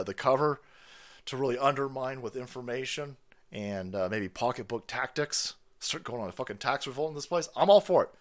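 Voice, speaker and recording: A man hosting a live stream, ranting in a profane, sarcastic way and laughing often. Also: mid-range voice. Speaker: streamer host.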